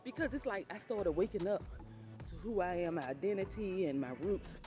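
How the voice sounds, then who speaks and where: Woman chatting to her viewers, mid pitch, keeps calling them honey, faint music under it. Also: a little fast, warm tone. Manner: chatty, addresses viewers as honey and you all. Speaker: vlogger telling personal stories. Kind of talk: casual storytelling to viewers.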